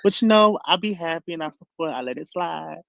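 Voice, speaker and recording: A man's voice: on the high side, lively intonation, a little fast, vocal fry, a bit bright, no room sound. A man co-hosting a casual chat, talking candidly and with emphasis, in everyday slang. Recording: dry, slightly dull lo-fi sound.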